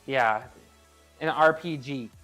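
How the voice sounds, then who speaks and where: A man's voice: medium pitch, slow, a bit bright, faint music behind. A man chatting casually with his live-stream viewers as he trains, laughing easily and often restarting his phrases. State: working out. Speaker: streamer reading chat.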